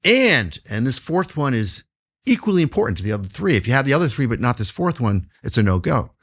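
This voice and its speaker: A man's voice: mid-range voice, big pitch swings, fairly quick, fairly bright tone. A man answering interview questions as a business guest, emphatic and repeating words for stress.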